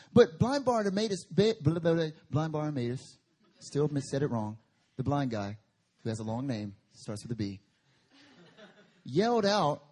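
A man's voice: mid-range voice, animated, moderate pace, a little mellow. A male pastor preaching a sermon at a church service, conversational with emphatic bursts.

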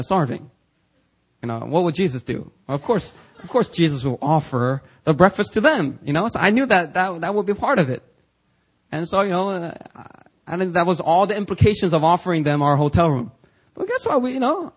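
A pastor preaching a sermon in a chatty storytelling way, with many fillers, often laughing at his own story. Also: fairly high pitch. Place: church.

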